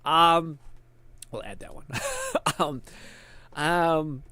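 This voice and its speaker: A man's voice: fairly high pitch, very slow, sharp tone, clear, resonant tone, no room sound. A man streaming live, chatting casually, thinking aloud and laughing easily, sweaty and tired after a long stream.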